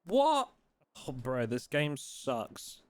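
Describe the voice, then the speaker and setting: A man's voice: mid-range voice, moderate pace, smooth. A man live-streaming a video game, chatting casually with his viewers and playfully complaining. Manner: playful, mock outrage, talks to his dog in a soft voice.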